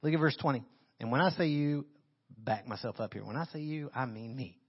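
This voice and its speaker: A man preaching a sermon as pastor. He reads scripture and comments on it with animated emphasis into a handheld microphone. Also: medium pitch, brisk, breathy edge, muffled recording.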